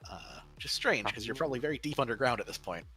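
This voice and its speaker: A man's voice: medium pitch, expressive, quick pace, pushed and bright. A man narrating as game master of a tabletop role-playing game, describing scenes loosely with many fillers.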